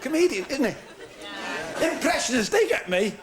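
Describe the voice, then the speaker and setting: Man, stand-up comic, chatty crowd patter, lively voice, noisy old recording with audience laughter. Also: very high-pitched, normal speed. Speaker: stand-up comedian. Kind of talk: club stand-up routine.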